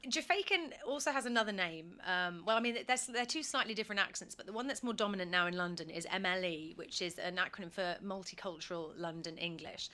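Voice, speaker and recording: Female voice coach, bright, enthusiastic, chatty interviewee. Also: fairly low pitch, fast talker, hardly any pauses.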